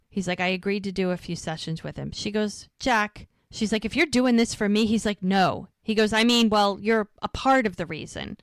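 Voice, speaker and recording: A woman's voice: mid-range voice, dry recording, clean studio sound. A woman co-hosting a casual rewatch podcast, recapping episode scenes and acting out the dialogue. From United States. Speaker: podcast co-host.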